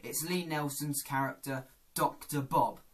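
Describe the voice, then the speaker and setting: Vlogger, man, chatty and self-deprecating, unhurried delivery. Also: medium pitch, fairly even intonation. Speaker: YouTuber. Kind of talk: casual vlog.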